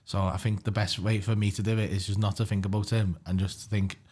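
A man, a guest comedian, telling stories in casual podcast chat, animated and swearing freely. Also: lowish voice, quick pace, breathy edge.

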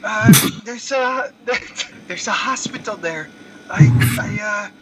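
A man putting on an exaggerated Filipino accent as a famous male boxer, talking in halting, broken phrases. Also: high-pitched, very noisy, pitched above the performer's own voice. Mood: pleading.

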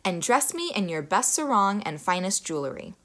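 A woman's voice: mid-range voice, big pitch swings, moderate pace, a bit bright. A woman voicing a kindly female talking pig who speaks steadily and with confidence. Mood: reassuring.

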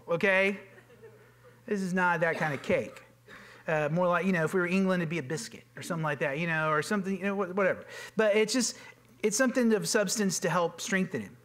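High-voiced man preaching conversationally. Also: a bit bright. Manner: informal and earnest, with frequent fillers and repeated words. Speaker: pastor. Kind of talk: conversational sermon. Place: church sanctuary.

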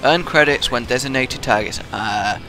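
A man giving live gameplay commentary with excitable, swearing trash talk. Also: mid-range voice, normal speed, over music. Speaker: gaming video host.

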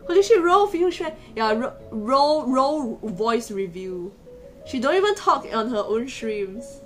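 Giggly, excitable woman streamer. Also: a little high, measured pace, faint music behind. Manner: excitable, giggly, repeats words and restarts. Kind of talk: casual live stream chat. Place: hotel room.

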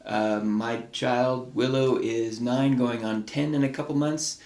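A middle-aged man talks through ideas in a loose, rambling teaching style, circling back and restarting his sentences. His voice sits at a mid pitch and carries a noticeable room echo. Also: slow. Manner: relaxed, rambling, with restarts and fillers. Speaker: wellness podcast host. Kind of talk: casual teaching talk.

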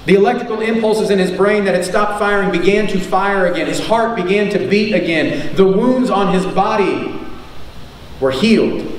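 A high-voiced male preacher and teacher delivers a sermon at a moderate pace in a church sanctuary. He's emphatic, repeats key lines, and poses rhetorical questions. The recording is echoey, taken far from the mic, with faint noise.

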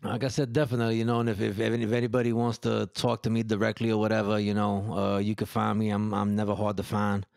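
A man's voice: on the low side, flat delivery, fast talker, creaky, hardly any pauses, darkish tone, no echo. Blunt, profane man, dry close mic. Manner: blunt, profane and direct, stuttering restarts. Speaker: podcast guest. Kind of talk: blunt casual chat.

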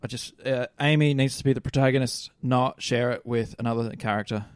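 An Australian man co-hosting a podcast in a middle-pitched voice. He rambles and hedges his points. The recording is dry and close. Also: fairly even intonation, fairly quick, clean tone, no room sound. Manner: rambling, hedging with fillers. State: overheated, complaining of heat. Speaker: podcast co-host. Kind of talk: casual chat.

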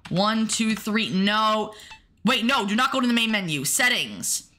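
A woman's voice: mid-range voice, unhurried, pushed and bright. A woman streamer playing a horror game, chatting to her viewers and yelping when startled. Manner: jumpy, talks to the chat and the game, yelps when startled. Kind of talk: casual gameplay commentary to chat.

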